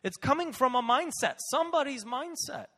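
A male pastor preaching a sermon in an emphatic, animated way, driving points home by repeating key phrases. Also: very high-pitched, moderate pace, in a large hall. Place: church sanctuary.

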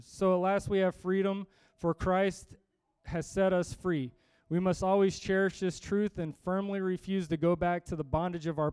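A man preaching a sermon to a congregation, energetic and emphatic, reading scripture and often repeating himself. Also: sits high, clean tone, no echo. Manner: energetic, emphatic, with restarts and humor.

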